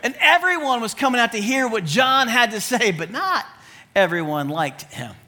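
A male pastor preaches with lively, joking energy, punching some phrases loudly and dropping low for asides. His voice sits high and sounds bright. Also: normal speed. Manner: animated and humorous, swinging between loud emphasis and low asides. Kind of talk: sermon.

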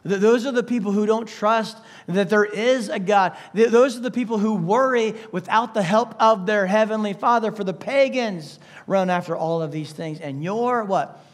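A man preaching a sermon with an emphatic delivery, full of rhetorical questions, swinging between loud bursts and hushed asides. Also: high voice, normal speed, hardly any pauses. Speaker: pastor.

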